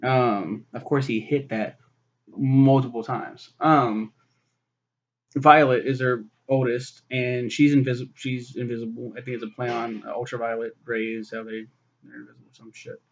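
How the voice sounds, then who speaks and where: A man casually reviewing a film in a rambling, profane way, full of fillers and restarts. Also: medium pitch. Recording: dull lo-fi recording.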